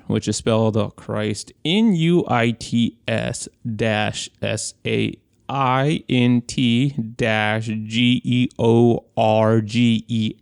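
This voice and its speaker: A young man with a gravelly, fry-heavy voice tells a story on a casual podcast. He talks with a lot of energy, swears freely and acts out the people he quotes. The sound is dry and close. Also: medium pitch, no room sound. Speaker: podcast co-host.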